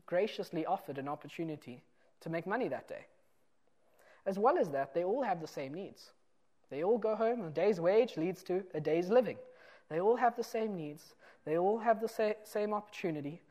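A man preaching a sermon, explaining a parable in an earnest way and moving between loud and soft emphasis. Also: on the high side.

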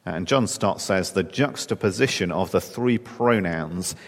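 A man preaching an evening sermon in a measured, explanatory way, often pausing on "uh". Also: low voice. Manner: measured, explanatory, frequent "uh" fillers. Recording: long reverb of a large hall.

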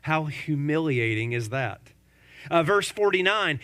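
A male pastor preaching a sermon, lively and conversational, firing off rhetorical questions and joking asides to his congregation. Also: high-pitched, a little slow.

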